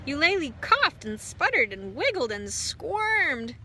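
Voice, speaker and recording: A woman pastor reading a storybook aloud to children, with gentle asides to a child. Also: high-pitched, animated, slow pace, hardly any pauses, noisy background.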